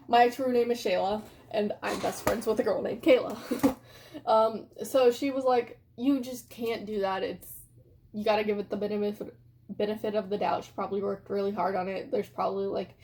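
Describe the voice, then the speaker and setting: A woman's voice: mid-range voice, steady tone, normal speed, dark tone. A young woman vlogging casually at home, reviewing makeup products she regrets buying in a chatty, rambling way full of filler words. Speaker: beauty vlogger.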